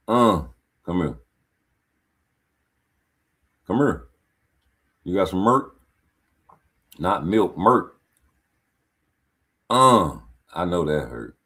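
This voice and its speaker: A man's voice: very deep voice, breathy edge. A man giving a casual boxing fight breakdown, talking in blunt, profane street slang and calling out the action on screen. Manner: animated, talks back at the fighters on screen. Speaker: boxing commentator.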